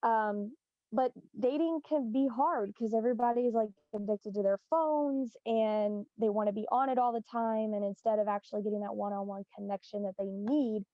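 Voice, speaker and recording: A young woman from Indiana, a panel guest, speaking in a sincere, measured way. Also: fairly high pitch, fairly even intonation, no room sound, highs cut off. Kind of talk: casual panel chat.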